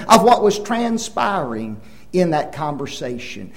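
An older man with a high-pitched voice preaches a Bible lesson at a slow pace, telling stories in an animated way, acting out dialogue, and putting questions to the audience. The sermon is a rough recording made in an echoey room.

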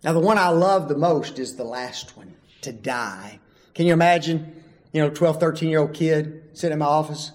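A man preaching a sermon, emphatic and full of rhetorical questions, swinging from loud calls to hushed asides. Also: fairly high pitch, moderate pace.

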